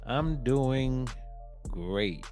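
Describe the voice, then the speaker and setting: A man hosting a sports podcast in a relaxed, rambling way, with many fillers and restarts. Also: medium pitch, very slow, faint music behind. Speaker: podcast host. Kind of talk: casual podcast chat.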